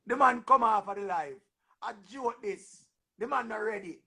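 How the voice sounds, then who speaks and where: A young man with a Jamaican accent, hosting a casual livestream and bantering in animated patois, often repeating himself. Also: high voice, moderate pace, creaky, slightly rough. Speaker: livestream host. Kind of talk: casual livestream chat with callers.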